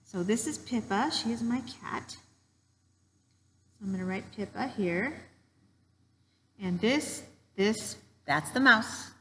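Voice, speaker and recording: Slow, patient woman teacher telling a story. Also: mid-range voice, long reverb tail, a little hiss or hum, low-quality recording. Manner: gentle and patient, talks while drawing. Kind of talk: storytelling lesson for children.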